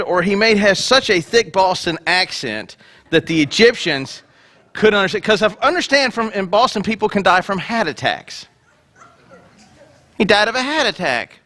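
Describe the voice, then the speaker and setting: A male pastor preaching a sermon in a playful, joking way. His voice sits high and bright. His pitch jumps around a lot as he tells the story.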